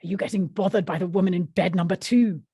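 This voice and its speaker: A woman's voice: lowish voice, fast talker, warm tone, husky, dry recording, clean studio sound. A woman voicing a tough but kind-hearted Glaswegian army woman who gives blunt, protective warnings, with a Glaswegian accent.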